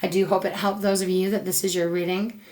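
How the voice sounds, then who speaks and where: A woman's voice: fairly low pitch, level tone, fast talker, noisy background. A woman giving a tarot reading to her viewers, emotional and affectionate, gushing and repeating her words. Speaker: tarot reader.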